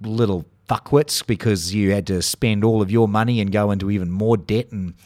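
A man's voice: lowish voice, fairly even intonation, moderate pace, darkish tone, no room sound, studio quality. A middle-aged Australian man hosting a solo podcast, ranting sarcastically with lots of swearing. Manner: sarcastic, profane, exasperated ranting. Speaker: podcast host.

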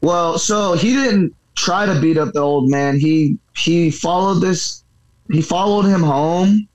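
A man who fights for a living and teaches boxing, telling a story in a loose, rambling interview. He swears freely and keeps reaching for filler words as he talks. His voice sits a little higher than most men's. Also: slow, a little mellow, poor audio. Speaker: professional fighter and boxing coach.

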